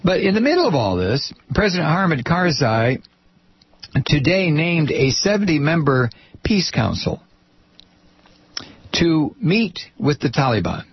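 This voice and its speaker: A man's voice: a little high, sing-song, unhurried, pauses often, slightly rough, no room sound, dull audio. A man hosting his own program, delivering a blunt, sarcastic, rambling political commentary monologue.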